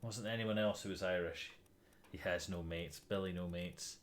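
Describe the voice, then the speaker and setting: A man's voice: deep voice, steady tone, moderate pace, slight background noise. A man streaming a detective game, thinking aloud in casual commentary, muttering, sighing and swearing when stuck.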